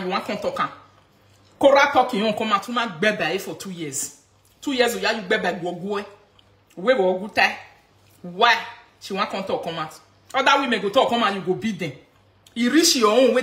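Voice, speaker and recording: Nigerian lady going off on a live video, mocking and fired up, roomy echo. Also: mid-range voice. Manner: excitable, mocking, switches between pidgin and local phrases. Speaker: live-video gossip commentator. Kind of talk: casual live-stream rant.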